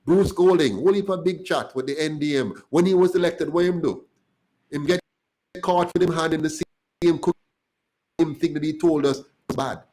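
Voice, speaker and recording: A man's voice: on the high side, moderate pace, darkish tone, poor audio. Jamaican male party spokesman, fired up and emphatic, political talk show. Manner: passionate, grows heated and emphatic.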